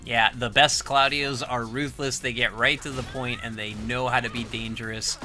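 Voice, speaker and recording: A man commentating a fighting game tournament, animated and excitable, laughing often. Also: mid-range voice, moderate pace, soft background music. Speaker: esports commentator.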